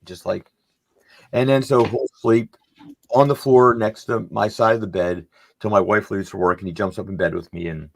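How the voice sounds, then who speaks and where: A middle-aged podcast panelist with a lowish, gravelly voice keeps a steady tone at a normal speed. His casual, rambling story comes with acted-out quoted dialogue.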